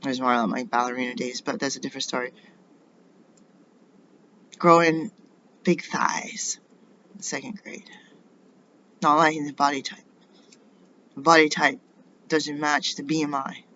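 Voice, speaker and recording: An indignant middle-aged American woman vlogs a rambling personal monologue, firing off rhetorical questions. Her rumbling low voice is fairly bright, steady and unhurried, with long pauses. The lo-fi recording sounds dull, with a faint hiss underneath.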